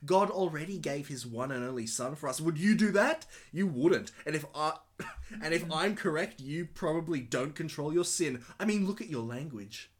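Man reading comments, slightly high voice. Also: lively intonation, normal speed. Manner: reads out comments, corrects others matter-of-factly. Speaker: podcast co-host. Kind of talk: casual chat.

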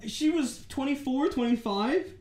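A man's voice: very high voice, lively intonation, measured pace, darkish tone. A young man, a podcast co-host, telling a story casually and animatedly, acting out the dialogue and swearing freely.

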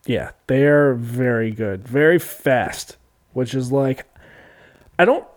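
A man's voice: mid-range voice, slow pace. A young man co-hosting a casual sports podcast, bantering in a laid-back, joking and profane way. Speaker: podcast co-host.

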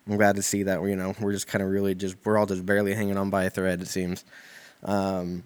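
A man's voice: deep voice, monotone, quick pace, clean tone. A young man talking in a rambling, profane, laid-back comedic monologue full of fillers.

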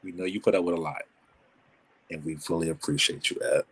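A man hosting a podcast in casual chat, loud and laughing as he bangs back and forth and swears freely. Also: sits low, fairly even intonation, brisk, slightly rough. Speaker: podcast host.

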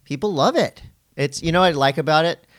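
A man's voice: a little high, fairly quick. A man co-hosting a podcast, teasing and joking in off-the-cuff banter. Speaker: podcast co-host.

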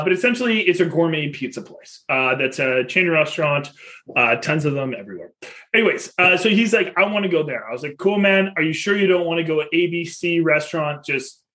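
A father in his thirties who hosts a podcast tells a story in a lively, casual way, laughing often. His voice is on the high side.

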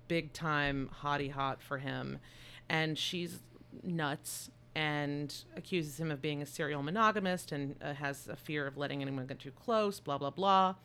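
A woman co-hosting a podcast, recapping a movie in casual chat with an animated, joking, irreverent manner. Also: low-pitched, measured pace, clear, resonant tone. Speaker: podcast co-host.

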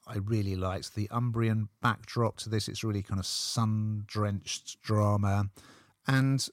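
A man's voice: on the low side, fairly even intonation, slow pace, dry recording, studio quality. A man presenting a casual TV review chat, chatty and upbeat, laughing easily.

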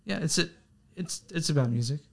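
A man's voice: on the high side, brisk, vocal fry. A young man co-hosting a casual music podcast, rambling, swearing and apologizing for himself. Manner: rambling, swearing, self-deprecating. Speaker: podcast co-host. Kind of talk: casual chat.

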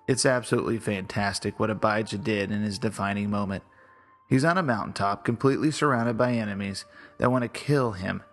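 A man's voice: mid-range voice, gravelly. A man hosting a devotional podcast, teaching from the Bible in an earnest, exhorting way. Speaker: podcast host.

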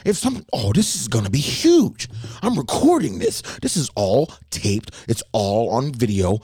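A man putting on the voice of a shrill, indignant middle-aged woman customer who is shouting her complaints. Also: very animated, unhurried, slightly rough, dry recording, studio quality. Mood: demanding.

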